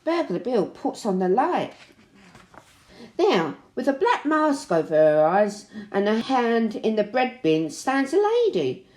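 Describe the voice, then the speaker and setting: A woman reading a children's picture book aloud in an expressive, animated way. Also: on the high side, slow. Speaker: storybook reader. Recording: roomy echo.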